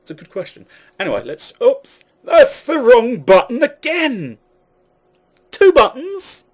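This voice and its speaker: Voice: medium pitch, huge pitch swings, a little slow. A let's play gamer giving casual commentary while playing, rambling and correcting themselves, swearing at their own mistakes.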